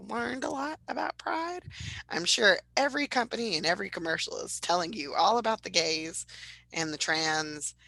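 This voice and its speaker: A woman co-hosting a podcast in casual chat, animated and loud, laughing often. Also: mid-range voice, moderate pace, creaky, dry recording, rough recording. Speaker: podcast co-host.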